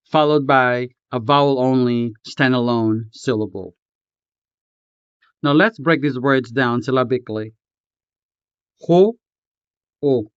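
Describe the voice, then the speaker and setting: A man narrates a pronunciation lesson at an unhurried pace, carefully breaking words into syllables. His voice is smooth and resonant. The recording is dry and close, with a slightly muffled, lo-fi tone. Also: medium pitch, no room sound. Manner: slow, deliberate, enunciating example words syllable by syllable. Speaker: language tutor. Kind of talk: scripted instructional narration. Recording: slightly dull, dry voice-over.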